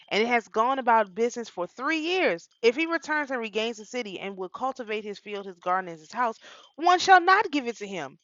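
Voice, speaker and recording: A woman's voice: on the high side, fairly bright tone, no echo. A woman, reading statutes aloud and breaking off into emotional asides. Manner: reads statutes then reacts with emotional asides. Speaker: reader and commentator. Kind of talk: reading a law code aloud with commentary. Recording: dry, dull lo-fi sound.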